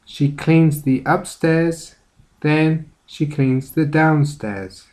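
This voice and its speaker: A man's voice: a little high, steady tone, very slow, a little mellow. A male teacher reading a children's picture book aloud with careful storytelling.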